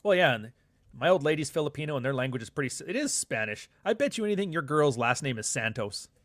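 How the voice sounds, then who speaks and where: A man's voice: on the high side, animated, quick pace, fairly bright tone, dry recording, studio quality. A middle-aged man hosting a live show, chatting casually with viewers and reading their comments in a loose, profane, joking way. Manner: loose, profane, joking banter with frequent asides.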